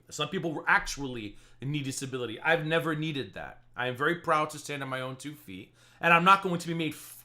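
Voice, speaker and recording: High, bright-voiced man ranting sarcastically. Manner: sarcastic, mocking and exasperated. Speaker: live-stream commentary host. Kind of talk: live reaction commentary.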